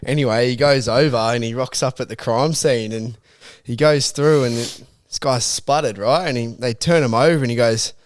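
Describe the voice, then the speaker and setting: A man's voice: mid-range voice, normal speed, hardly any pauses. A young Australian man co-hosting a casual podcast, telling a long joke loosely and laughing at it himself. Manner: laughs at his own jokes, loose storytelling. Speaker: podcast co-host.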